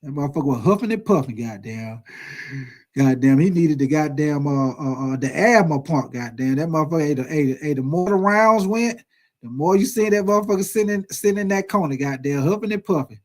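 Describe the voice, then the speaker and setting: A man in his forties hosting a sports video, telling stories in a profane, animated, casual rant. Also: on the high side, a little fast. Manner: profane, animated storytelling with lots of swearing.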